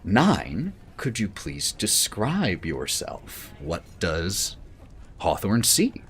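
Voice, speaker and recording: A man narrating as game master of a tabletop game, in a relaxed, halting way. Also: low voice, slight background noise.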